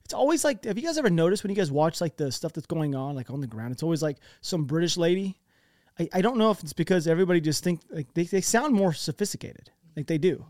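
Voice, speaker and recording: American man, talky map commentator, slightly high voice, dry close sound, rambles and restarts. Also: big pitch swings, fast talker, a little mellow, dry recording. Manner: rambling, chatty, many restarts. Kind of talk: casual commentary over maps.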